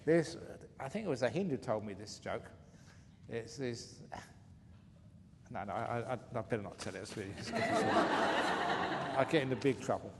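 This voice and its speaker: A meditation teacher cracks jokes in a playful mood at a retreat question-and-answer session, laughing at them himself. His medium-pitched voice swings widely in pitch at normal speed with long pauses; the hall adds faint reverb and light room noise.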